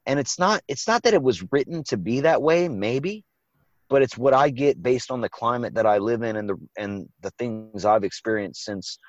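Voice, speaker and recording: A man's voice: medium pitch, moderate pace, no echo, muffled recording. A man hosting a podcast, reviewing a movie in casual, profane, rambling chat. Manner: profane, rambling, acts out quotes. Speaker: podcast host.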